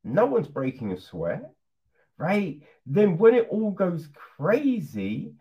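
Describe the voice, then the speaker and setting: Animated man reviewing a film. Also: high voice, takes it slowly. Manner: animated, laughing, swearing, rhetorical asides. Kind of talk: casual film review vlog. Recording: dull lo-fi recording.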